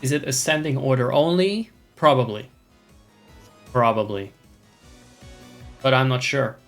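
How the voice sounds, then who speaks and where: A man's voice: mid-range voice, brisk, gravelly, soft background music. Wry rambling man streaming a game. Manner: rambling, wry, swearing, mock-imperious. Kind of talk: casual gameplay chat with viewers.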